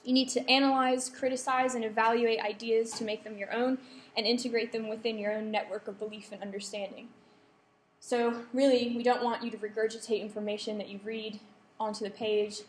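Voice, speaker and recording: A young woman lecturer runs an academic writing workshop for students in an echoey lecture room, with a little hiss or hum on the recording. Her voice is fairly high and flat, a bit fast, and she explains points with frequent ums and self-corrections.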